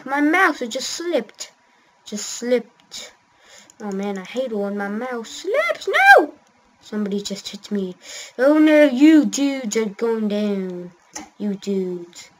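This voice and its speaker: A woman giving rambling, excitable commentary while playing a racing game, often yelling at what happens on screen. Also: fairly high pitch, slight background noise. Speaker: gamer. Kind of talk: gameplay commentary.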